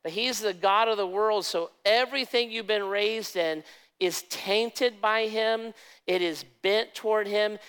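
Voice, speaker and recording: A man's voice: high voice, fairly bright tone, clean tone, long reverb tail, pitched above the performer's own voice. A man in a sermon voicing Jesus as an urgent, pleading male divine voice, raised and earnest.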